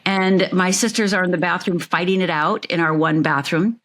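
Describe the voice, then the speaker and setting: A woman's voice: on the low side, steady tone, moderate pace, fairly bright tone. A woman from Upper Michigan telling her life story as an interview guest, vivid and emphatic, repeating phrases for effect.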